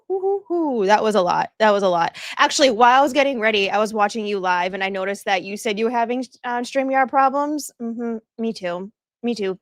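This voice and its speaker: A woman's voice: fairly high pitch, no echo, studio quality. A woman hosting a casual livestream, bubbly and chatty, greeting viewers by name and laughing often. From northeastern United States. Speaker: livestream host.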